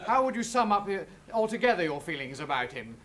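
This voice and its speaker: A man's voice: high voice, very animated, fast, a crowd in the background. A man playing a flustered, stammering current-affairs TV presenter in a 1960s TV sketch. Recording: hissy old TV recording.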